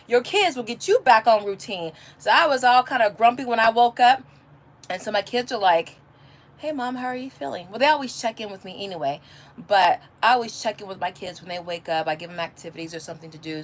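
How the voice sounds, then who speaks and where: A homeschooling mother chatting casually on a livestream, telling rambling stories full of restarts. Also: mid-range voice. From California. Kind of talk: casual live chat. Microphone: phone or webcam, answering a live chat.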